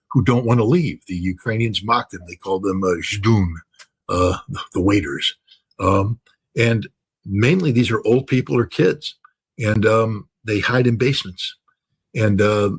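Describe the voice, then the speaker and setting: A man's voice: lowish voice, fairly bright tone, husky, low-quality recording. An older man giving impassioned commentary, talking emphatically with many fillers, restarts and repetitions.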